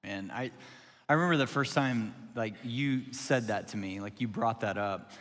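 A man's voice: lowish voice, normal speed, fairly bright tone, in a large hall. A man in his forties, a pastor, telling a candid parenting story in casual chat, self-deprecating and full of restarts. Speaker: pastor and podcast co-host.

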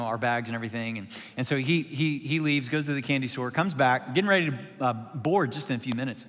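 A man's voice: mid-range voice, fairly bright tone. Forties guy, pastor, rambly honest storytelling, um and like a lot, reverby room. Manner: candid, self-deprecating, many fillers and restarts. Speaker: pastor and podcast co-host. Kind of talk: casual conversational storytelling.

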